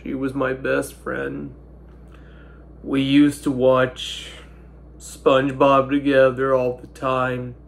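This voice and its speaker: A young man in his twenties, speaking in halting, broken sentences while holding back tears, his nose stuffy. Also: medium pitch, completely flat delivery, creaky, slight background noise. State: stuffy-nosed. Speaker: vlogger. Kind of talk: emotional personal monologue.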